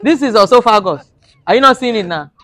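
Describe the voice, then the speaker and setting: A man's voice: high-pitched, expressive, fairly quick, a bit bright, no echo. Mock-outraged comic man. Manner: mock-outraged, pleading, broken English for laughs. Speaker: comedian. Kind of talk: comic monologue to camera.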